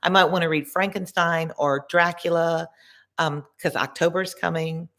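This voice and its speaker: Female tutor, low-pitched, reads classic verse aloud with informal asides. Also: steady tone, a bit bright. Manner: reads slowly with chatty word-explaining asides. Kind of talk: read-along with spoken asides.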